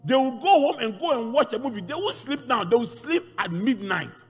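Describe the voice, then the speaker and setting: A man preaching a sermon to a congregation, animated and rising into shouts. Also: very high-pitched, fairly quick, slightly rough. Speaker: pastor. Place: large church hall. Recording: church hall reverb with faint music.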